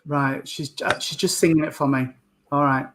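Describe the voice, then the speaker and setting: A man working as a medium, gently giving a live reading and calling the sitter sweetheart and darling. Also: fairly high pitch, level tone, moderate pace, background noise.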